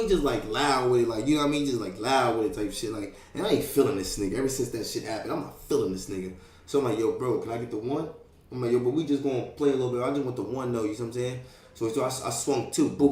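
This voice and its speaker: A man's voice: medium pitch, roomy sound. A young man telling a street story in a casual, profane, streetwise way, full of fillers and sound effects. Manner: streetwise, profane, animated, fillers like "you know what I mean".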